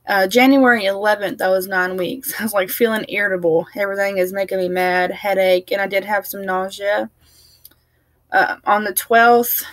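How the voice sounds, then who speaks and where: A woman's voice: mid-range voice, a bit bright, no echo. A young woman chatting to camera in a rambling, casual way, laughing now and then and sounding tired. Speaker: family vlogger.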